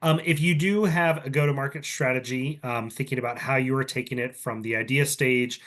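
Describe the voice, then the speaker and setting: A man's voice: mid-range voice, fairly even intonation, brisk, fairly bright tone. Man casually explaining slides, lots of ums. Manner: casual, filler-heavy, conversational explaining with frequent ums. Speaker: competition organizer presenting to student entrants. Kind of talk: recorded online presentation. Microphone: computer mic on a video call.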